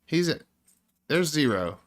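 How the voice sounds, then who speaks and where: A man's voice: on the high side, big pitch swings, a little slow. A man developing a game on a live stream, thinking aloud through his code, frustrated and swearing constantly while he talks to viewers.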